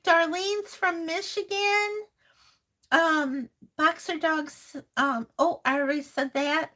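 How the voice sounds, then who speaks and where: A woman hosting a crafting live stream speaks with a high-pitched voice and a sharp tone. She reads viewer comments in casual chat, laughs a lot and calls her viewers honey and sweetheart with obvious fondness.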